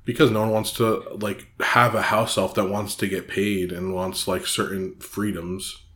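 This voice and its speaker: A man's voice: on the low side, level tone, a little slow, a bit bright. A man co-hosting a podcast, chiming in with casual remarks on a book. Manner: brief interjections, chiming in. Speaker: podcast co-host. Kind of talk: casual book recap chat.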